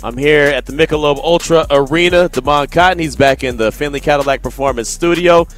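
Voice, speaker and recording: A man's voice: a little high, fairly quick, soft background music. A man hosting a sports talk radio show, chatting casually and reading out listener texts. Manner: relaxed, conversational, reads listener texts.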